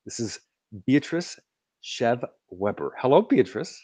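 A man's voice: medium pitch, sing-song, unhurried, warm tone, husky, dry recording. Male host for a live video-call show, chatty and upbeat, dry close sound. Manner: upbeat, chatty, restarts often. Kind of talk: live online interview show. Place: in Chicago.

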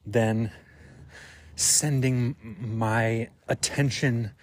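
A man thinks aloud as he walks outdoors, with an unhurried, drawn-out delivery. His pitch sits in an ordinary middle range, and his reflective solo talk is loose and full of small fillers. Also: steady tone, a little hiss or hum. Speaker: podcast host. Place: outdoors on a walk.

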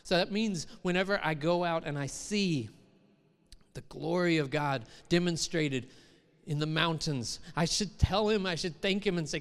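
A middle-aged man preaches in a fairly high voice, chatting with the congregation and then lifting into emphatic quoted lines. His sermon rings with the long reverb of a large hall. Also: unhurried, clear, resonant tone. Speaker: pastor.

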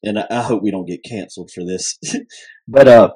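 A man's voice: lowish voice, moderate pace, dark tone, slightly rough. A man co-hosting a podcast who tells a story in a hesitant, giggly way. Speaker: podcast co-host. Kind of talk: casual storytelling.

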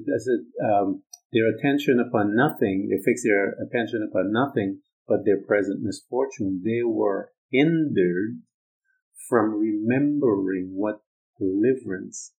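A male preacher giving a sermon, emphatic, repeating his points and moving between loud urging and quiet low stretches. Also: husky, rough recording.

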